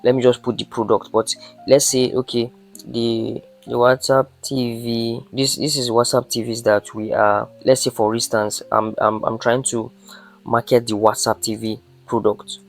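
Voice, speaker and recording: A man's voice: medium pitch, level tone, measured pace, vocal fry, faint music behind. A man teaching online marketing step by step. He repeats his points and checks that viewers follow. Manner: instructive, repeats points and checks "you understand?". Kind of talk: screen-recorded tutorial.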